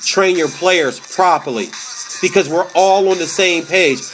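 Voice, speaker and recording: A man with a strikingly high voice rants loosely about sports, slangy and animated, hammering points home by repeating them. Faint music plays underneath. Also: a little slow. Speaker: comedy podcast host. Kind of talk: casual sports rant.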